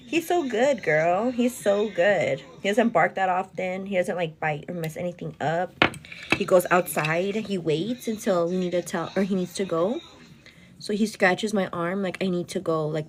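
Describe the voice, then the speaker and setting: Chatty woman vlogger. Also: lowish voice. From El Paso, Texas area. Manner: chatty, animated, says "girl" and "like" a lot. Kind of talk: casual storytelling chat.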